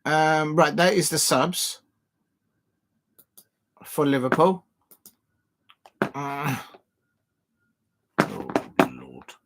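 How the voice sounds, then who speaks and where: A man hosts a casual football watch-along stream from his desk at home, speaking close to the mic. His voice sits a touch higher than most men's. He rambles, restarts sentences and fills gaps with ums while commenting on the match. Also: wildly swooping pitch, drawn-out words, vocal fry, long pauses, fairly bright tone, a little hiss or hum. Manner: rambling, self-deprecating, many fillers and restarts.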